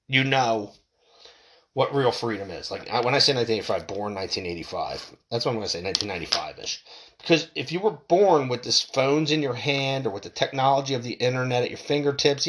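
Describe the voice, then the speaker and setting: A man's voice: medium pitch, fairly bright tone. Middle-aged man, ranting solo podcaster, swears freely, voice swings up and down a lot. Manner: profane, heated, exasperated. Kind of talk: ranting monologue. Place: home room, window open. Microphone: desk mic.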